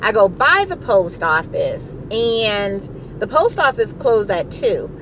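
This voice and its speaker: A middle-aged woman telling a story in a casual, animated way, exasperated and repeating herself for effect. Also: mid-range voice, slow pace, noisy background.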